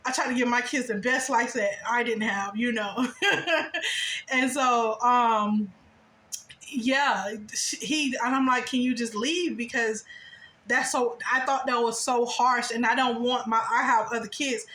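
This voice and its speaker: Bright-voiced woman telling a story in an echoey room. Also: measured pace. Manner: animated, jumps into high-pitched quoted voices and laughs often. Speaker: spiritual vlogger. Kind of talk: casual storytelling monologue.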